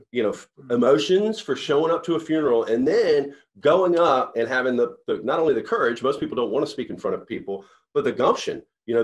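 Earnest rambling man giving a pep talk. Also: mid-range voice. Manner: earnest, rambling storyteller with many restarts. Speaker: company CEO. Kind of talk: motivational talk to sales reps.

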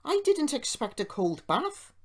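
A man voicing a small, timid and cheerful male toy engine in a storybook reading, using a high squeaky character voice. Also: expressive, unhurried, dark tone. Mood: startled.

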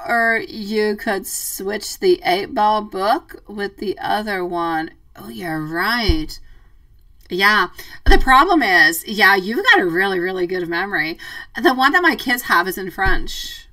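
A woman hosting a live tarot reading, chatty and affectionate, calling her listeners sweetie and love, playful and quick to laugh. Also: mid-range voice, expressive, bright, forceful tone, far from the mic, low-quality recording. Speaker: tarot reader.

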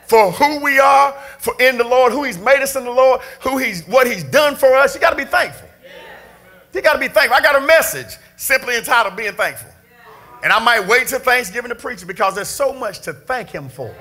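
Fervent preacher, high bright voice. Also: male voice. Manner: fervent preaching, often shouting with emphasis. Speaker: pastor. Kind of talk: sermon. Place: church sanctuary.

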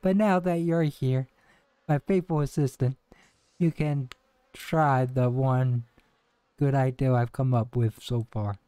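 A man's voice: mid-range voice, fairly even intonation, slow pace, mellow, smooth, no room sound, close to an everyday voice. A man voicing an earnest, theatrical young woman detective's sidekick, reading game cutscene dialogue aloud with some stumbles.

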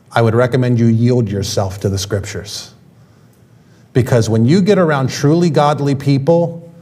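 A male pastor preaching a sermon in a church, talking in a conversational way with quick asides. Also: medium pitch, a little mellow. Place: church sanctuary.

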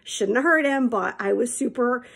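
Woman teacher chatting to her class, kinda high voice, raspy and gravelly. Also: normal speed, fairly bright tone. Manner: chatty and candid, addresses children as friends. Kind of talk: storytelling video for students.

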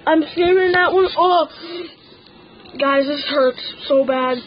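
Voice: sits high, takes it slowly, dull audio, slight background noise. A teenage gaming channel host giving casual gameplay commentary, stammering and complaining that something hurts.

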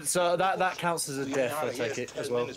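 A man's voice: medium pitch, fairly quick, a loud crowd. A man chatting casually and teasingly while watching a film with friends on a stream. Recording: loud music playing behind.

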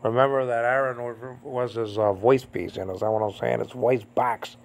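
A man in his fifties, from Puerto Rico, teaches scripture in a loose, conversational way. His voice has a gravelly fry at mid pitch. He rambles with many fillers and leaps sharply upward in pitch when he drives a point home. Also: fairly even intonation, normal speed. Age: 50s. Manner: rambling, full of "I mean, you know"; rises to a high, emphatic pitch when stressing a point. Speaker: Bible teacher. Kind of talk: informal Bible teaching.

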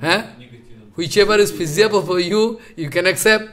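A man teaching a scripture class, retelling a story in halting, repetitive, non-native English. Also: sits high, fairly bright tone. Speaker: scripture lecturer.

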